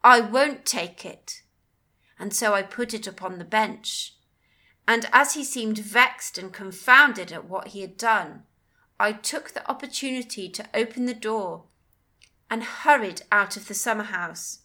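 A woman narrating a first-person audiobook with measured, earnest storytelling. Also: medium pitch, sharp tone.

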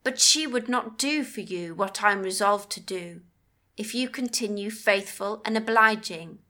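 Casting note: an overbearing gentleman master, commanding and hasty, read by a woman in a slow, bright voice. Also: mid-range voice. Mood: coaxing. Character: overbearing gentleman master, adult man, impatient.

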